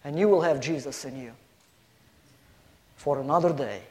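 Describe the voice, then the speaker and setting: A man's voice: fairly high pitch, moderate pace. A man giving a guest sermon, emphatic, listing points and telling a story to a congregation. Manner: emphatic, building lists and storytelling. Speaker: guest preacher. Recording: long hall reverb.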